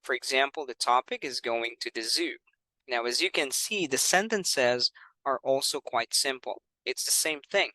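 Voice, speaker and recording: A male English teacher walks through his classroom methods, patient and clear, with a bright, forceful tone. He checks in often with "all right" and "you know", and the recording is dry and close. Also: medium pitch, moderate pace, dry recording, poor audio.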